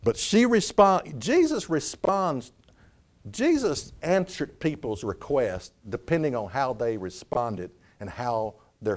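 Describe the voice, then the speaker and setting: A man preaching a sermon as pastor, animated, acting out quoted voices, with frequent restarts. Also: medium pitch.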